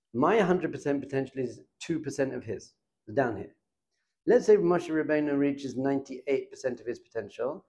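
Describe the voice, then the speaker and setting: A middle-aged man, a rabbi, giving an informal Torah class in a lively, conversational way and putting questions to his students. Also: mid-range voice.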